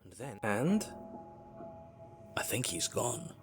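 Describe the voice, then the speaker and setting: A man voicing a game narrator who speaks in a hushed, faltering way. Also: mid-range voice, sing-song, slow pace. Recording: game audio with music behind.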